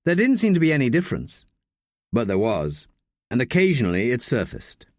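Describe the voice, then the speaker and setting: A male audiobook narrator whose pitch swings widely as he reads, giving an animated, expressive telling. His voice sits mid-range, recorded close and bone-dry. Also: brisk, no room sound.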